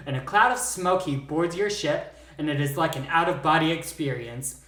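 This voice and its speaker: A man's voice: a little high, moderate pace, fairly bright tone, roomy sound. A man co-hosting a podcast, chatting casually and slipping into theatrical storytelling with teasing humor. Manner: playful, teasing, theatrical narration. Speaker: podcast co-host. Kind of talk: casual chat with dramatic storytelling.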